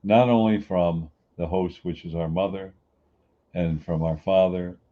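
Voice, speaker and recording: A middle-aged man with a very low, deep voice delivers an earnest motivational talk. He preaches and repeats his points. The recording sounds dull and lo-fi. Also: steady tone, measured pace. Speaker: podcast host.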